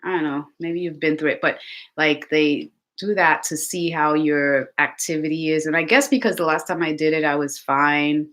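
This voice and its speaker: A woman vlogger chatting casually to her viewers, telling lively stories. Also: deep voice, moderate pace. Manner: chatty, animated storytelling with laughs. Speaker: lifestyle vlogger.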